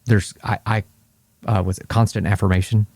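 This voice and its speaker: A man talking about his marriage in a casual podcast chat, slow and halting with many restarts, earnest in tone. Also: lowish voice, little pitch movement, darkish tone, dry recording. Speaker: married guest.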